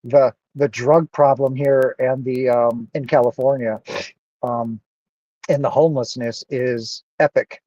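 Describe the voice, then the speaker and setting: A man's voice: mid-range voice, steady tone, unhurried, mellow, highs cut off. A man talking earnestly and emotionally into his camera in a personal monologue, close to tears and repeating himself. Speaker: vlogger.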